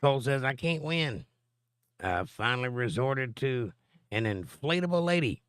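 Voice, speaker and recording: A man's voice: mid-range voice, expressive, measured pace, fairly bright tone, clear, resonant tone, no echo, clean studio sound. A middle-aged man, hosting a live stream and reading viewer comments aloud with a joking, chatty manner. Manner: joking, chatty, answers chat directly.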